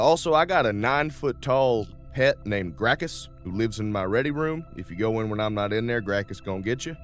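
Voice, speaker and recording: A man playing a folksy old starship captain. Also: fairly low pitch. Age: older. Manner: folksy, drawling, uses ain't and y'all. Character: older male starship captain, folksy and easygoing.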